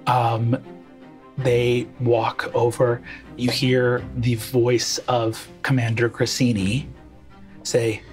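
A man's voice: medium pitch, level tone, drawn-out words, a little mellow, faint music behind. A man narrating as game master, loose and casual with frequent fillers. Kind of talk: improvised tabletop game narration.

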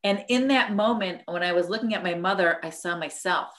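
A woman's voice: lowish voice, a little fast, fairly bright tone. Earnest middle-aged woman sharing reflectively. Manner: earnest, reflective, with many restarts. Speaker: study group leader. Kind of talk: personal sharing in a group video call.

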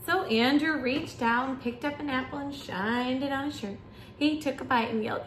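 A woman, a preschool teacher, reading a picture book aloud to children with animated, exaggerated storytelling. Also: sits high, normal speed. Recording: echoey room with faint hiss.

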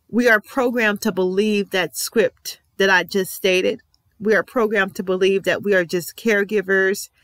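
Earnest woman vlogger reacting to a show, slow and deliberate, dry close sound. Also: medium pitch, a bit bright, no echo. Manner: earnest, emphatic, speaks in repeated affirmations. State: emotional. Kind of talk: reflective reaction commentary.

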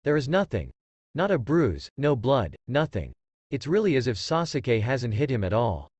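A worried young girl ninja speaks hesitantly, as a male reader does her voice. The delivery stays lively in pitch and close to a dry mic. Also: moderate pace, no room sound.

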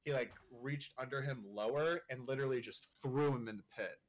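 A young man telling a story in casual chat, animated and full of swearing and filler words. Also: medium pitch, fairly quick. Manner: animated storyteller, swears a lot, leans on 'like'. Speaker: guest.

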